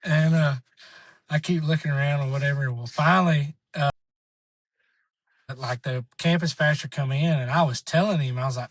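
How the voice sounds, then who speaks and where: Guy telling a hunting trip story, kinda high voice, rambles, dry close sound. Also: moderate pace, no room sound. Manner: rambling, animated, acts out quoted voices. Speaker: podcast guest. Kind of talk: casual storytelling.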